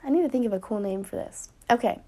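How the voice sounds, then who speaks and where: A young woman hosting a casual faith podcast, chatty and earnest, full of likes and ums, sometimes half-singing lyrics and dropping to a hushed near-whisper. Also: a little high, expressive, fast talker. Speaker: podcast host.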